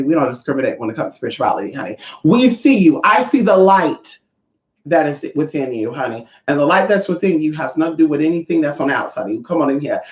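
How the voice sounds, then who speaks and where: Sassy spiritual teacher ranting casually, swears a lot, roomy kinda muffled sound. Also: medium pitch. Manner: brash, profane, sassy. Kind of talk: casual vlog monologue. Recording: echoey, slightly dull room sound.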